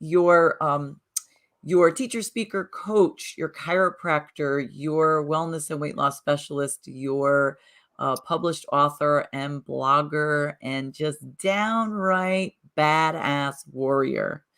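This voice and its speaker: A woman's voice: sits low, fairly even intonation, slow pace, a bit bright. A woman co-hosting a casual morning chat show, talking in a chatty, rambling, upbeat way. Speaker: co-host. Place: Southern Connecticut.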